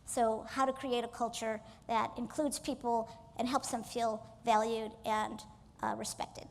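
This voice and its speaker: Woman motivational speaker, high voice, energetic keynote in a reverberant hall. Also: a little slow, vocal fry. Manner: energetic, coaxes the audience to join in. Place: stage in a large hall.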